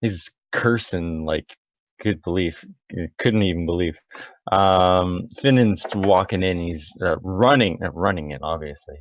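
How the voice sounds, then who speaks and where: Low-voiced man, player at tabletop session, halting delivery; dry, dull sound. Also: dry recording. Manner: halting, with many fillers. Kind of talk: in-character description at a tabletop game.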